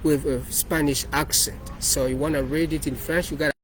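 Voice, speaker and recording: Man, slightly high voice, rambling code walkthrough, faint street noise. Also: fairly even intonation, a little fast, a bit bright, low-quality recording. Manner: rambling, repeats and restarts phrases. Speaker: developer presenting his project.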